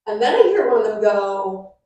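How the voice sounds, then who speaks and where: A woman's voice: medium pitch, big pitch swings, normal speed, warm tone, muffled recording. A young woman doing a stand-up comedy set, chatty and self-mocking, laughing at her own jokes. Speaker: stand-up comic. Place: hall at a benefit event. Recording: echoey hall, mic from far off.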